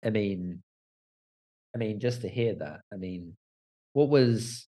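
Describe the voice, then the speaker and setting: A man hosting a podcast, asking questions in loose, halting phrases. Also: lowish voice, expressive, mellow. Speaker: podcast host. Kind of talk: casual interview.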